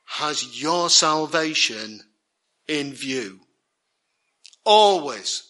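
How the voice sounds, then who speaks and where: A man's voice: on the high side, pushed and bright. A man preaching a sermon, earnest and emphatic, repeating key words for weight.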